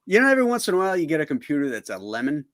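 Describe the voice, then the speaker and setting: A man joining a casual online talk stream as a guest, excitable and laughing. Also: a little high, racing, no echo, studio quality. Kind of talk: casual chat.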